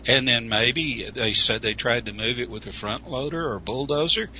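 A man's voice: mid-range voice, normal speed, sharp tone. A man joining a talk radio show as a guest over an internet call, skeptical and wry, with sarcastic asides. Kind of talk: casual talk radio discussion. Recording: lo-fi internet call with faint hiss.

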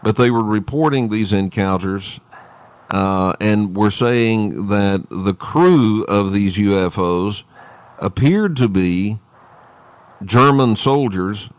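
Slow, halting low-voiced man host. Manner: halting, with frequent fillers. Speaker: radio show host. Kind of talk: interview questions. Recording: dull lo-fi audio.

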